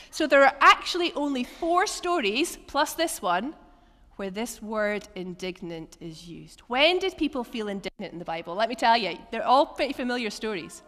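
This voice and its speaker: A woman preacher leading an interactive church teaching session, telling Bible stories with animated asides and acted-out lines. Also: a little high. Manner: lively, animated storytelling with acted quotes and laughs. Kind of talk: interactive sermon with table activities. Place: church hall. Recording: long church hall reverb.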